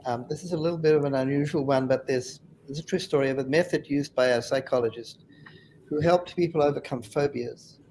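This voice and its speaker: A man's voice: mid-range voice, fairly quick, a little mellow, slight background noise. A man on a webinar panel telling funny anecdotes in a chatty way and laughing at his own stories.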